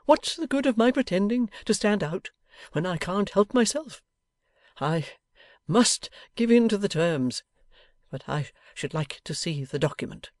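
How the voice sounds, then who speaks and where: A man voicing a naive, distraught old gentleman who wails and pleads in a high voice. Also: wildly swooping pitch, normal speed, slightly rough, no echo, clean studio sound, full character voice. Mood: despairing.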